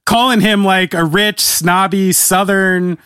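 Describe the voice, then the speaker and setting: High-voiced man, dry close sound. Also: fairly even intonation, slow pace, bright, forceful tone, clear, resonant tone, no echo. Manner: laid-back, profane storyteller. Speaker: interviewer host. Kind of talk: casual interview chat.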